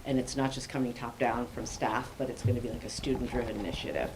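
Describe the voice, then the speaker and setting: A woman's voice: very deep voice, quick pace. A woman giving chatty, upbeat school announcements at a committee meeting, with a joking manner. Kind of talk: meeting report. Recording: noisy meeting recording.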